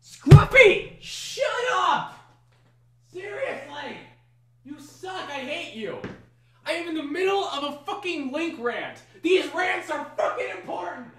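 A man, the creator of a comedic fan dub, ranting and yelling in exasperation at his small dog. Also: very high-pitched, sing-song, takes it slowly, roomy sound, distant mic. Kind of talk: shouting rant at his dog.

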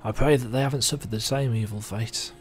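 A man's voice: mid-range voice, fairly even intonation, fairly quick, natural voice. A man reading the lines of a weary, solemn naval officer in a game. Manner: read-out game dialogue.

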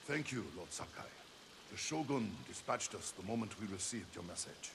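A dutiful samurai bannerman in a video game, with a gravelly voice and a courtly, formal manner. Rain and noise are clearly heard behind him. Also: lowish voice, animated, moderate pace.

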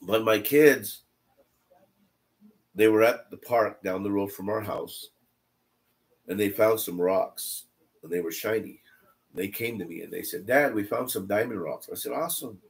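A middle-aged man with a somewhat low voice leads a Bible study. He tells family stories in a loose, conversational way, repeating phrases for emphasis. His delivery swings between soft asides and loud, lively lines. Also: measured pace, creaky, long pauses. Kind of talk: casual storytelling in a Bible study.

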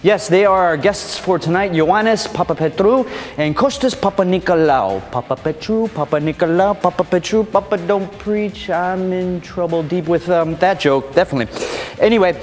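A man hosts a scripted comedy show in a playful, theatrical way, acting wounded by criticism for laughs. His voice sits a little high for a man. The recording carries a long reverb tail, with music playing underneath. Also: moderate pace. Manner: playful, mock-indignant, theatrical.

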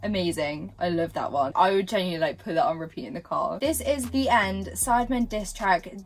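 A woman's voice: lowish voice, expressive, a little fast. A young woman giving casual, chatty reaction commentary at home, full of fillers and giggles. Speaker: reaction vlogger.

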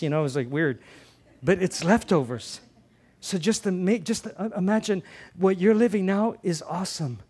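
The voice sits high and husky as this middle-aged pastor preaches at a moderate pace. He's passionate, moving from emphatic, loud lines to earnest, quiet ones and echoing key phrases.

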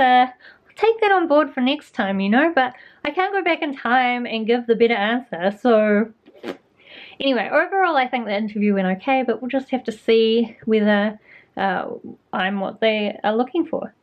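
A young woman with a New Zealand accent chatting casually about her reading week, self-deprecating and full of fillers. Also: a little high. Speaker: book vlogger. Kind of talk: casual vlog chat. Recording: slightly dull lo-fi sound.

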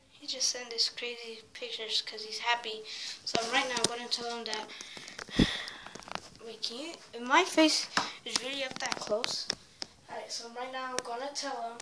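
A teenage girl rambles through a casual prank vlog, restarting her sentences as she holds a phone or tablet in her hand. Her voice sits high with a fairly bright tone, and the echoey room carries background noise.

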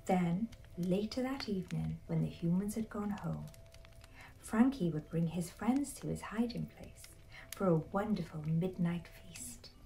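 A woman narrating a bedtime story in a soft, hushed, slow whisper. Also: on the low side, gravelly, far from the mic, faint music behind, low-quality recording.

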